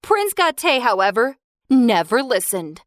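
A woman tells a children's storybook tale in a slow, expressive way. Her high voice swoops up and down, and the recording is dry and close. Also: dry recording. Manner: expressive, slow, sing-song.

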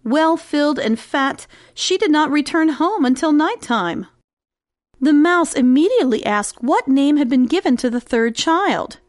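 High, lively woman telling a fairy tale. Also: measured pace, no echo, clean studio sound. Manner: expressive, sing-song storytelling. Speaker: storyteller. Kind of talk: scripted fairy-tale narration.

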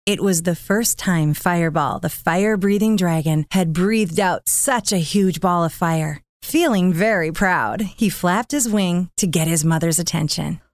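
A woman narrating a children's story in a scripted, expressive way, voicing the sound words with gusto. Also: on the low side, measured pace, hardly any pauses, no echo, studio quality.

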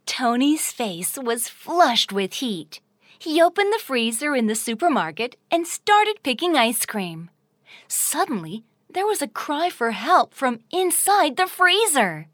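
Woman, children's story narrator, expressive, sing-song, high, slow, dry close recording. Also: no echo.

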